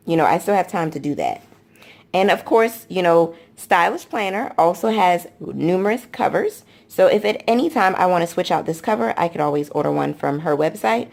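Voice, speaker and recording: Woman, low gravelly voice, chatty gushing vlogger walking through a product. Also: a little mellow. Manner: chatty, gushing, repeats "I love". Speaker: planner vlogger. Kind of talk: casual product walkthrough.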